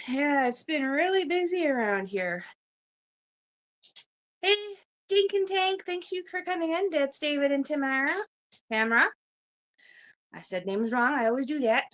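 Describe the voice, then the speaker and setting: A Canadian woman hosts a casual livestream from home, her voice high and bright. She chats in a rambling way, greets her viewers by name and fills gaps with ums and likes. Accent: Canadian English. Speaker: livestream host. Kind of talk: casual live-stream chat.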